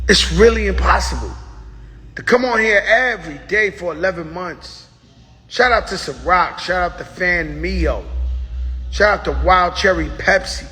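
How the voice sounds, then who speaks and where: A man's voice: sits high, bright, forceful tone. A man hosting a casual monologue, drawing out his words for hype and telling stories with acted quotes. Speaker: show host. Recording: echoey room with long reverb.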